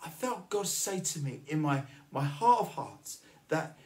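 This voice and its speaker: A man's voice: a little high, very animated, measured pace, a little mellow. A man preaching a sermon, telling a personal story and earnestly encouraging his listeners. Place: church.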